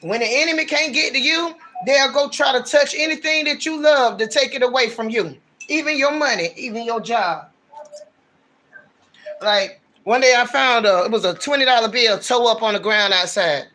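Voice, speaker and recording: A man's voice: extremely high pitch, moderate pace, pushed and bright. A man giving a casual livestream tarot reading, talking in a blunt, slangy, ranting way. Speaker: tarot reader.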